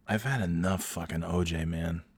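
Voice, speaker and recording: A man hosting a comedy show, telling a crude story deadpan and chatting casually with profanity. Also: low voice, normal speed, husky, no echo.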